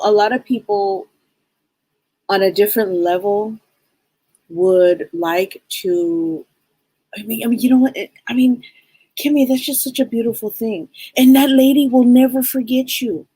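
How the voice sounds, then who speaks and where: A woman's voice: a little high, moderate pace, dark tone, husky, dry recording, poor audio. A woman hosting a live-stream psychic reading show, talking in a heartfelt, rambling way with many restarts.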